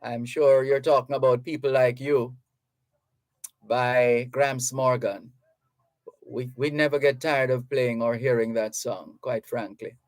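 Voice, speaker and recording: A man's voice: medium pitch, fairly even intonation, no echo. A man from Jamaica hosting a radio talk show in a studio, chatting to listeners and reading out their messages. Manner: slow, chatty, reads listener messages aloud. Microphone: studio microphone.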